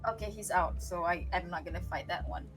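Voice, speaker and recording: A woman's voice: on the low side, brisk, soft background music. Woman player, casual, stop-start phrasing. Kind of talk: casual tabletop play.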